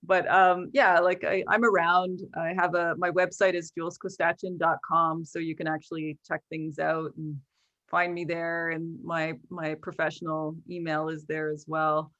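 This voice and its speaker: Lively middle-aged woman, lower voice. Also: normal speed, dull audio. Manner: animated, laughs often, acts out quotes. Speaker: filmmaker and guest. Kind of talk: conversational Q&A over video call. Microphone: video call.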